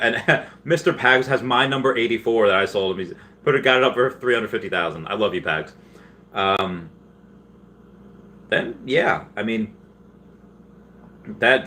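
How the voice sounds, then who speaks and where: A man with a fairly low but bright, forceful voice hosts a loose livestream, chatting through viewer comments. He rambles, restarts his sentences and laughs often, and sometimes jumps into high, loud voices when he quotes someone. A faint hiss of noise sits under his voice. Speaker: livestream host. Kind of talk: casual livestream chat, reading viewer comments.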